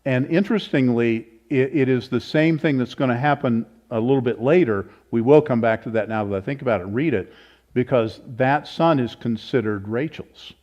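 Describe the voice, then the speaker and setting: A man's voice: medium pitch, moderate pace, darkish tone. Man leading an informal Bible study. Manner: informal, thinks aloud, self-corrects. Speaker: pastor teaching Bible study. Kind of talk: conversational Bible teaching with audience questions. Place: church meeting room. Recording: slightly dull, lo-fi.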